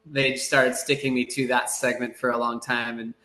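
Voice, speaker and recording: Bright-voiced man telling easygoing stories. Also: medium pitch, moderate pace, reverberant. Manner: relaxed, rambling, many fillers and acted-out quotes. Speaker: surf broadcaster, podcast guest. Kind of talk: casual storytelling in a podcast interview.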